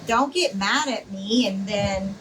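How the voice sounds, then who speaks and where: A woman's voice: mid-range voice, slow pace, fairly bright tone, far from the mic, a little hiss or hum, poor audio. A woman hosting a casual craft live stream, chatty and reassuring, rambling with plenty of fillers as she talks to viewers.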